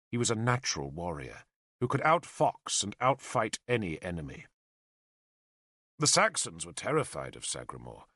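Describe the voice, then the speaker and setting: Male storyteller with a lively, bright delivery and a low voice. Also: no room sound, studio quality. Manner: expressive storytelling. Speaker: audiobook narrator. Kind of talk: scripted narration.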